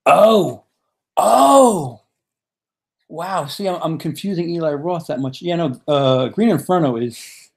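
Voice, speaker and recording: A man's voice: fairly high pitch, normal speed, a little mellow. A man co-hosting a casual movie chat, joking and swearing often. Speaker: co-host.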